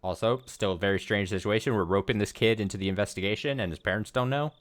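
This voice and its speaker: A man hosting a let's play, reading a visual novel aloud and rambling excitedly and paranoidly between lines. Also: lowish voice, brisk.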